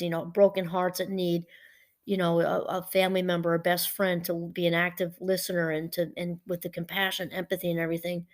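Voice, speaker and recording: A woman professor giving a casual, chatty talk. She wanders off topic, restarts her sentences often and laughs easily. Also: fairly low pitch. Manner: chatty and digressive, with frequent restarts. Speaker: professor and podcast host. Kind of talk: casual teaching monologue.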